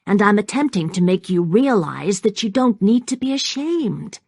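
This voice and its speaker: A woman voicing a determined young gentlewoman who speaks earnestly and forcefully. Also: medium pitch, very animated, normal speed, creaky, breathy edge, no echo, studio quality, voice pushed up, heavily acted.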